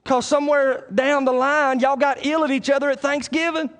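High-voiced preacher man. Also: level tone, normal speed. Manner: conversational, swings between loud preaching and quiet asides. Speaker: pastor. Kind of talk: sermon.

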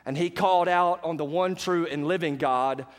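High-voiced pastor preaching in a hall. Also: male voice, moderate pace, noisy background. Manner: animated storytelling, asks the congregation questions. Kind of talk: sermon.

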